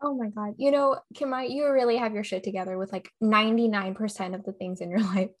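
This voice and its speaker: A young woman co-hosting a podcast in casual chat, reacting often with "oh my God" and quick laughter. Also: mid-range voice, steady tone. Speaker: podcast co-host.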